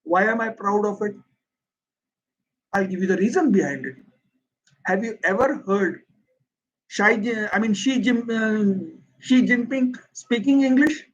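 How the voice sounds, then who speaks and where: A man's voice: high voice, unhurried, pauses often, highs cut off. A man with an Indian accent, a Hindi speaker, answering viewers' questions in an earnest, emphatic livestream English lesson. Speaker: English teacher.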